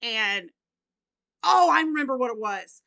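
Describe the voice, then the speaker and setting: A middle-aged woman talks casually through a gift unboxing, unhurried and chatty. Her voice sits high and bright, and she keeps dissolving into helpless laughter. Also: expressive, creaky. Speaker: crochet vlogger.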